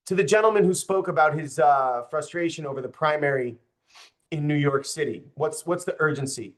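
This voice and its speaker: Delivering a campaign speech to a group, this young political candidate talks fast in a voice on the high side. His tone is passionate and visibly frustrated as he speaks straight to the audience.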